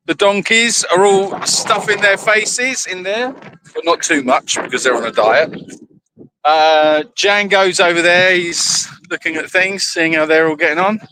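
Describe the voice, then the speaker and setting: A man's voice: a little high, noisy background. A man hosting a casual live stream from an animal sanctuary, chatting and rambling as he greets viewers by name while walking around outdoors on his phone. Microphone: phone held in hand.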